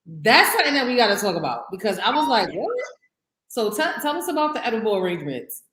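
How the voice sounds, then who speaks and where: Lively young woman asking questions. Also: medium pitch, fast, slight background noise. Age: young adult. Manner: prompting questions, affirming. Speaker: podcast co-host. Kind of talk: casual chat. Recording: roomy echo.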